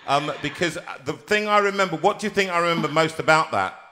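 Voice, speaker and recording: A middle-aged man hosts a live-streamed chat. His voice is bright and forceful, and he teases his guest playfully and talks with lots of animation. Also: on the high side, fast talker, slight background noise. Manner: jovial, teasing, animated. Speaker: host.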